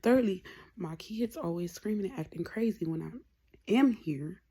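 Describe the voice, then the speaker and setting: A young woman talking candidly in a rambling personal vlog, often dropping to a soft whisper. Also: lowish voice, expressive, moderate pace. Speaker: vlogger.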